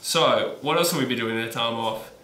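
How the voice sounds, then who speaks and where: A man's voice: medium pitch, fairly quick, a bit bright. A young man co-hosting a podcast, telling stories animatedly and laughing often. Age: young adult. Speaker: podcast co-host. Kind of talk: casual chat. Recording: echoey room, faint noise.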